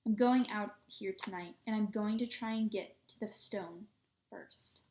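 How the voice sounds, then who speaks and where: A woman's voice: mid-range voice, a little slow, a little mellow, close to an everyday voice. A woman voicing a determined, defiant boy wizard in a storybook reading, speaking urgently and insistently, in an echoey room.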